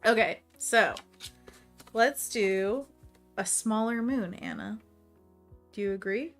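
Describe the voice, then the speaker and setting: A woman's voice: mid-range voice, measured pace, pauses often, faint music behind. A woman hosting a painting livestream, chatting casually, reading viewer messages aloud and laughing often while she works. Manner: talks to herself while working. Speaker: livestream host painting envelopes.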